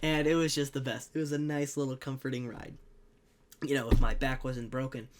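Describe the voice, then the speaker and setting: A young man telling a comic personal anecdote in an animated, jokey way, with sudden loud bursts. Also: mid-range voice, a little fast. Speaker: storyteller.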